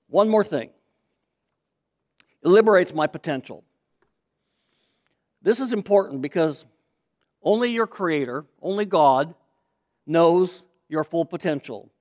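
A pastor delivering an emphatic sermon to a congregation, repeating key phrases and getting the audience to say words back with him. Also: male voice, fairly high pitch, expressive, takes it slowly, pauses often, darkish tone.

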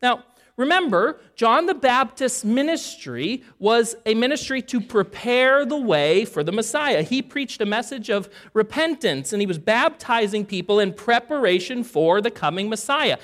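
A preacher delivering a sermon in an easy, conversational way, stopping to ask the listeners questions. The scripture is read aloud with a voice that rises and falls freely. The pitch sits mostly in the middle. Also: very animated, moderate pace, fairly bright tone. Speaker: pastor.

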